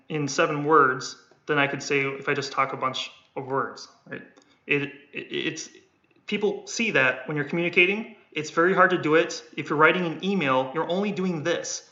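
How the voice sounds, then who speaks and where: A man's slightly high, sharp-toned voice carries a casual sales-coaching livestream. Rambling and repeating words, he acts out tones of voice while a keyboard is typed on behind him. Echo from the room and dull lo-fi audio mark the recording.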